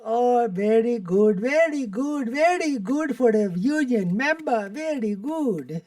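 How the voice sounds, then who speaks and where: A man's voice: extremely high pitch, expressive, takes it slowly, a little mellow, dry recording, studio quality, recorded from a distance, pitched above the performer's own voice, exaggerated voice. A man putting on a South Indian accent to parody a woman politician, sing-song and exaggerated. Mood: mocking. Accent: South Indian, put on.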